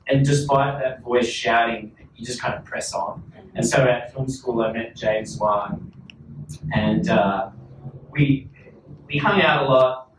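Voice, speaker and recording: Speaking at a public talk held in a big hall, a forties-aged man with an Australian accent sits on a panel and casually spins meandering stories that poke fun at himself. His pitch is medium. The sound is distant and echoey, carrying faint ambience and a little background noise.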